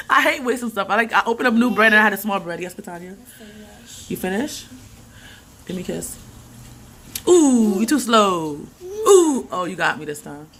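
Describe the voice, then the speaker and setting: A woman's voice: mid-range voice, fast, pauses often, a little hiss or hum. A woman, chatting and ranting animatedly in a casual vlog. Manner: animated, ranting, laughs often. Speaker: vlogger. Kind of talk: casual rambling vlog chat.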